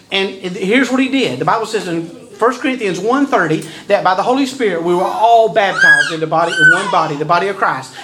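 A male pastor preaching a sermon, swinging from slow, dramatic pauses to sudden loud bursts. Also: sits high, slight background noise, low-quality recording.

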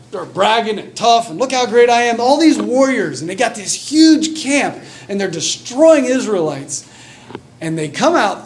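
A man preaching a sermon, telling a Bible story with lively excitement and reading scripture aloud. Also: high voice, slight background noise. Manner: animated storytelling, reads scripture aloud, acts out scenes with excitement.

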